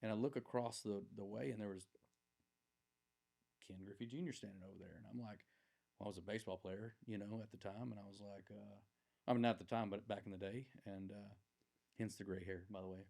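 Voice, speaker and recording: A low-pitched man in his forties chats as a podcast guest, his voice carrying a gravelly, fry-tinged texture. He tells his story loosely and animatedly, full of "um"s and asides. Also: fairly quick. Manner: rambling, animated anecdote-telling with many fillers. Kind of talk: casual storytelling.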